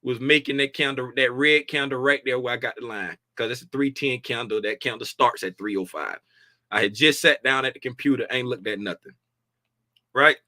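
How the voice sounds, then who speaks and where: A man's voice: mid-range voice, fairly quick, sharp tone, no echo, studio quality. Chatty man walking through trading charts. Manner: conversational, repeats "right?" often, colloquial speech. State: tired, dragging. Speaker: futures trading educator. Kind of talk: casual screen-share chart walkthrough.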